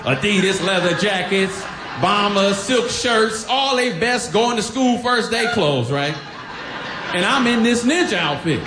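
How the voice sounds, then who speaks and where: A man's voice: high voice, a little slow, heavy background noise. A man from Detroit telling a funny personal story on stage, acting out the voices of the people in it. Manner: animated, acts out quoted voices, laughing. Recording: echoey hall.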